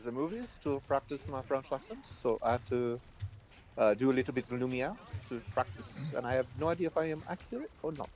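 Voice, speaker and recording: A man's voice: medium pitch, expressive, fast, a little mellow. A man hosting a casual gameplay chat, joking and playful as he plays. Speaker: gaming streamer.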